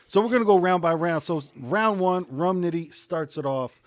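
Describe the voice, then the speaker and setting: A man's voice: sits high, animated, normal speed. A man co-hosting a casual podcast chat, upbeat and leading the talk. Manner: upbeat, leads the talk, laughs easily. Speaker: podcast co-host.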